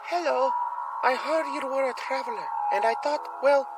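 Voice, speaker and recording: A man's voice: very high-pitched, moderate pace, over loud music, voice pushed up. A man voicing a sweet young refugee girl who asks for help. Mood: earnest.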